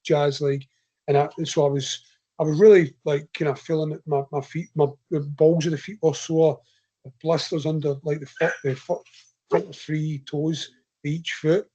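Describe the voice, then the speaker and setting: A Scottish man, an ultra runner appearing as a podcast guest, tells a chatty, rambling anecdote in a casual storytelling style and laughs often. His voice is on the high side and mellow with a breathy edge, has little pitch movement, and moves at a moderate pace. The podcast audio is slightly dull and lo-fi.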